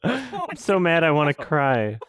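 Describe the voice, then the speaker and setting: A man's voice: wildly swooping pitch, measured pace, a bit bright, slight background noise. A man reviewing a film while he edits, ranting in frustration and laughing in disbelief. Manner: frustrated, laughing, pitch jumps up when outraged. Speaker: video reviewer. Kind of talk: exasperated ranting while editing.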